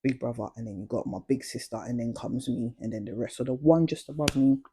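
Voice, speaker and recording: A woman's voice: extremely low pitch, fast, dark tone, slightly rough. A young adult woman, chatting casually and confidingly about her past in slang-heavy storytelling. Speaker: vlogger.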